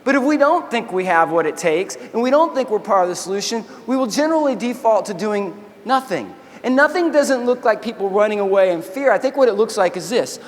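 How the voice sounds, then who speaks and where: High-voiced man telling a war story. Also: fairly quick. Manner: animated storytelling, acts out quotes, addresses crowd as y'all. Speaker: keynote speaker, army veteran. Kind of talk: keynote storytelling. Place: large convention hall. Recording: long hall reverb.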